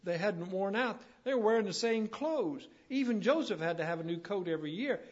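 A man's voice: high voice, expressive, brisk. A man preaching a sermon in a folksy, storytelling way that rises to emphatic declarations. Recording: dull lo-fi sermon recording.

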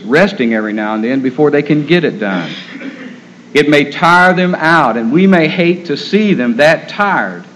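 A man preaching a sermon in an earnest, gentle storytelling manner. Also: medium pitch, a little hiss or hum. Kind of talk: sermon on caring for the terminally ill. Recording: dull lo-fi recording.

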